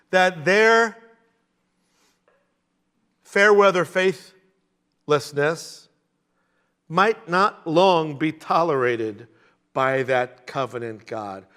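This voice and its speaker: A man teaching a verse-by-verse sermon, animated, with jokey asides. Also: on the high side. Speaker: Bible teacher.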